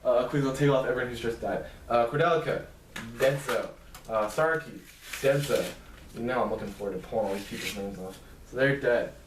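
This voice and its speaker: A man's voice: medium pitch, slight background noise. Man, loose rambling storyteller, recorded off-mic in an echoey room. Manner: loose and rambling, frequent ums and uhs, quickly voicing characters' lines. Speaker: storyteller recapping a novel. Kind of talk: casual spoken plot summary. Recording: roomy echo, distant from mic.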